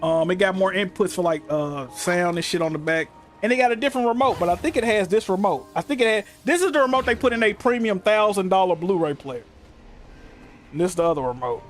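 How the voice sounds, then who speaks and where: Streamer, young man, high voice that swings wide, profane and animated storyteller. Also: fast, soft background music. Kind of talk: casual stream chat. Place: home room.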